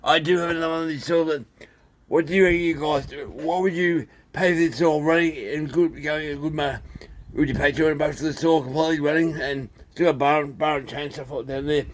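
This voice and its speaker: A man with an Australian accent, talking casually and haltingly through a chainsaw repair, with many fillers. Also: fairly high pitch, steady tone, crowd noise. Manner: rambling, plain-spoken, halting with fillers. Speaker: small engine repairer. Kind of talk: casual workshop video.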